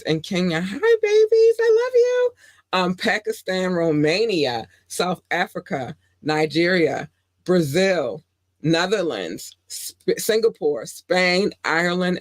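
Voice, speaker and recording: A woman in her forties hosting a podcast, chatting casually and showering her listeners with affectionate shout-outs. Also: deep voice, no room sound. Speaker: podcast host.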